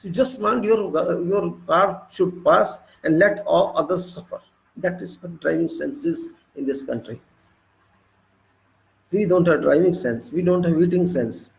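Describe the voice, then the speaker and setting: High-voiced man preaching. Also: gravelly, low-quality recording. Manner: scolding, rhetorical, repetitive lists; emphatic questions to the audience. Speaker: spiritual speaker. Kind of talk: preaching monologue.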